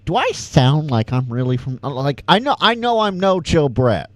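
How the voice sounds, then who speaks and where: A man's voice: a little high, very animated, moderate pace, no echo. Chatty Californian man, slight Southern twang. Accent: slight Southern American twang. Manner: chatty, reads chat aloud, stammers and repeats words. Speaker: ham radio livestream host. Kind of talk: casual livestream Q&A chat.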